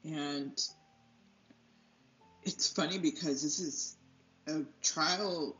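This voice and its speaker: A woman's voice: low-pitched, drawn-out words, a bit bright. A woman chats casually as she paints, drifting from one thought to the next and laughing at herself when she loses track. The room sounds roomy and the audio a bit dull, with faint music underneath. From United States. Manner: rambling, loses her train of thought, laughs often. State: allergies. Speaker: artist and channel host. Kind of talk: casual chat while painting.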